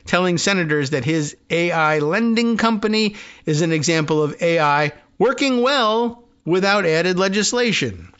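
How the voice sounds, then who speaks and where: A man's voice: on the high side, fairly bright tone, dull audio. Wry talk show host, man. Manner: conversational, wry, thinks aloud with asides. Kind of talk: reading and commenting on news.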